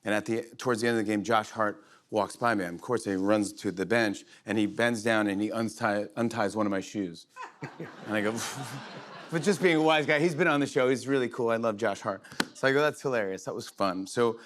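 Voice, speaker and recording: A middle-aged man hosting a late-night show, telling a rambling, excited story full of restarts and fillers. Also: fairly low pitch, a little fast. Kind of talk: monologue, storytelling chat. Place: TV studio with live audience.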